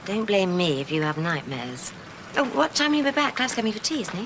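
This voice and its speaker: A woman's voice: medium pitch, big pitch swings, brisk. An actress playing a disapproving English mother with a tart manner. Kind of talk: 1990s TV soap acting. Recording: old TV clip with noise.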